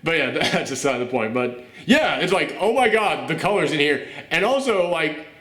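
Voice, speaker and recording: A man hosting a film review podcast at home, gushing and animated, often laughing as he talks. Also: a little high, normal speed, echoey room. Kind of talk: excited casual film review chat. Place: room at home with a dog nearby.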